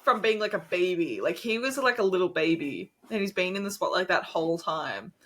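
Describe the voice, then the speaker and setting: Young Australian woman, bright voice, animated, giggly casual podcast chat. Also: fairly low pitch, a little fast. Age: young adult. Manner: giggly and gushing. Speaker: podcast co-host.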